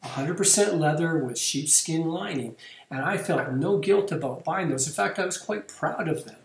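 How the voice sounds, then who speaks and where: A man hosting his own video channel, talking casually to camera and reading out viewer comments in a wry, playful, self-mocking way. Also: a little high. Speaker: vlog host. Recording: echoey room.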